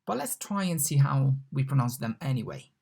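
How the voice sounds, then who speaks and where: A language mentor giving a recorded online lesson, patiently repeating each example word slowly. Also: medium pitch, sing-song, gravelly, a little mellow, breathy edge.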